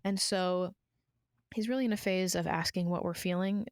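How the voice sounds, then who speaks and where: A lower-pitched woman co-host chats warmly through a family anecdote, the way a mother talks. She tells it easily and laughs along as she goes. The recording is close and dry. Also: steady tone, moderate pace, no echo. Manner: chatty storyteller, laughs while recounting. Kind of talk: casual conversational chat.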